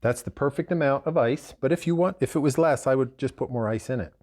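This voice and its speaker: A man's voice: medium pitch, quick pace, a little mellow. A man hosting a casual cocktail demonstration, talking in a chatty, digressive way and correcting himself as he goes. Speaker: bartender host.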